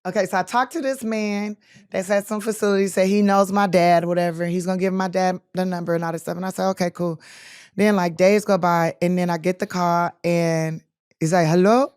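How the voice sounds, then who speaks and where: Lively, laughing woman telling stories. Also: on the low side, brisk, clear, resonant tone, no room sound, studio quality. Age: 20s. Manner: animated, laughing, acts out voices in her stories. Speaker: guest. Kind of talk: casual storytelling.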